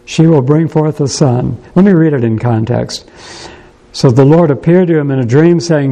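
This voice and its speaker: A man preaching a sermon in a church, unhurried and thoughtful, pausing often and restarting his sentences. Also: on the high side, warm tone, low-quality recording.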